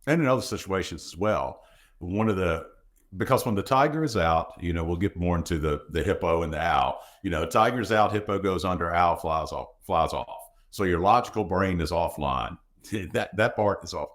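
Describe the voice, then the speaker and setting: A man's voice: sits low, normal speed. A man hosting an interview show, asking rambling questions and telling stories in a conversational way. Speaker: host. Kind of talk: casual interview talk.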